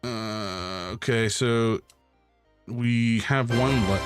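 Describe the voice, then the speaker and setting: A man streaming live, chatting casually while he draws, rambling and self-mocking with sudden loud exclamations. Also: fairly low pitch, a little slow, music in the background.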